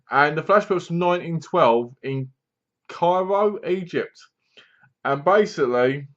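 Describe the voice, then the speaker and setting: A man's voice: on the high side, a bit bright, muffled recording. Rambling man reviewing a horror film. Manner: rambling, retelling a plot with frequent fillers. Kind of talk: casual film review vlog.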